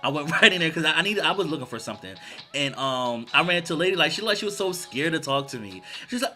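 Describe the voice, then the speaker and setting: A man with a fairly high voice hosts his channel and tells a story in a loose, wandering way, full of fillers and side comments. Music plays clearly under his talk. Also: animated, quick pace, sharp tone. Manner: loose, digressive, many fillers. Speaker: vlogger, channel host. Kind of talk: rambling storytime monologue.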